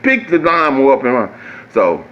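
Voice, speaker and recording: A man, telling a profane, animated story that jumps high when he gets exasperated. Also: normal speed, muffled recording. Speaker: vlogger. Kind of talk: casual storytelling.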